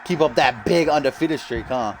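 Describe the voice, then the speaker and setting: A man's voice: mid-range voice, normal speed, slight background noise. A man hosting casual video game wrestling commentary, joking and swearing with his co-hosts. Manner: joking, profane, laughs often. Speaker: host and commentator.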